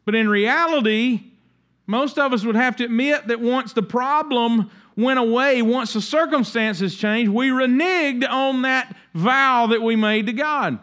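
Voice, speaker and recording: High-voiced man preaching conversationally. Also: a little slow, fairly bright tone. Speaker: pastor. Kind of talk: sermon.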